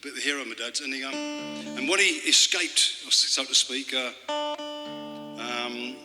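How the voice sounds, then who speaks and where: Wry, rambling man on a live club stage. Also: medium pitch. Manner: rambling and wry, with political jokes; halting, with many fillers and restarts. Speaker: folk singer and storyteller. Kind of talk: live stage patter between songs. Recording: hall reverb with guitar playing.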